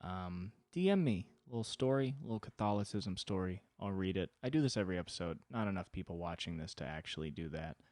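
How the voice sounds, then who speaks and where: A man hosting a solo podcast, rambling with wry deadpan humor and sudden jumps in pitch. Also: fairly quick, few pauses, dry recording, studio quality. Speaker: podcast host.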